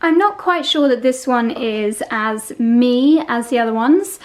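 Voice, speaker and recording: A woman's voice: on the high side, animated, unhurried. A young woman, chatting casually through a fashion try-on vlog, gushing and easily sidetracked. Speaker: fashion vlogger.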